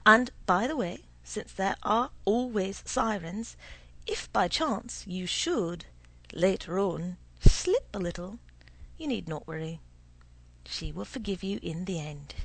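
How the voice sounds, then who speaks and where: A woman voicing a sly old male potion seller who speaks slowly and suavely, with a husky, gravelly voice. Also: mid-range voice, expressive, a bit bright, dry recording, heavily acted. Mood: knowing. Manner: slow, suave, insinuating.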